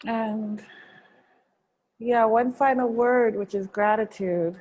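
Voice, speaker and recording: A woman chatting casually and guiding a tapping exercise, sleepy and soft, with halting restarts. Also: on the high side, steady tone, rough recording. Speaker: EFT tapping practitioner. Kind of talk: casual chat and guided tapping.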